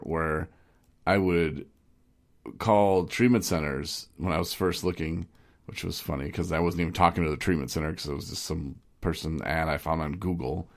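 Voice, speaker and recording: A man hosting a casual podcast who rambles and jokes, often restarting his sentences. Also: low-pitched. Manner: rambling, joking, many restarts. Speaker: podcast host.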